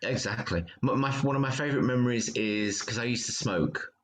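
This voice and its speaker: A British man, a theatre actor, chatting casually and telling backstage stories with lively, acted-out quotes. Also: brisk. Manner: animated storyteller, acts out quotes with big pitch jumps. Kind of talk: casual chat.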